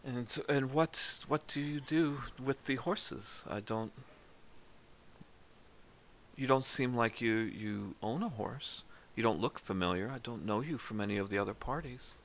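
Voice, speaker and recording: A man's voice: medium pitch, unhurried, fairly bright tone, slight background noise. A man voicing a snooty, upper-class woman at a party in a tabletop game, with a prying, condescending manner.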